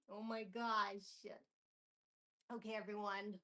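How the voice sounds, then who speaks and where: A woman's voice: fairly high pitch, lively intonation, normal speed, fairly bright tone. Nervous bubbly woman streaming live. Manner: nervous, bubbly, talks to chat and repeats herself. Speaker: streamer hosting a live chat. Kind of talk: casual live stream chat. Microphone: camera or built-in mic, mic not attached. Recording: echoey room sound from a detached mic.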